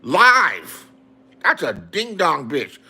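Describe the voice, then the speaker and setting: A man's voice: on the high side, wildly swooping pitch, drawn-out words, bright, forceful tone, slightly rough. A man in a profane, angry rant to his viewers, repeating insults. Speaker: online streamer.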